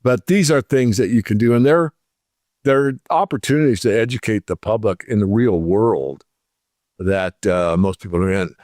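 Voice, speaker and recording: A man's voice: on the low side, normal speed, darkish tone, dry recording, studio quality. A man, an interview guest, telling an everyday story in casual talk, acting out both sides of the conversation.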